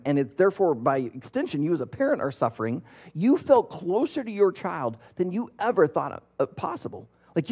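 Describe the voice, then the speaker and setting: This pastor, a man in his thirties, has a warm, husky voice pitched fairly high. His sermon is conversational, and the story he tells is loaded with fillers and false starts.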